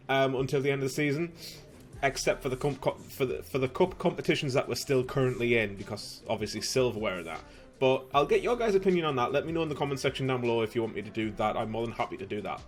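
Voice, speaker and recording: A young man commentating his own football video game, slightly hoarse, bursting into shouts and laughter at goals. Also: mid-range voice, quick pace, faint music behind. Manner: excitable, shouts at goals, casual swearing. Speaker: gaming youtuber.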